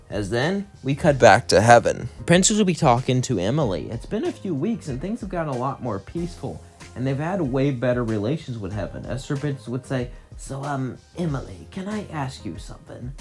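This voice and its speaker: A man's voice: medium pitch, sing-song, brisk, faint music behind. A man casually narrating a fan story, rambling and chaining events with "as then", with light voices for the quotes. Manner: rambling, strings clauses with "as then", lightly voices each character.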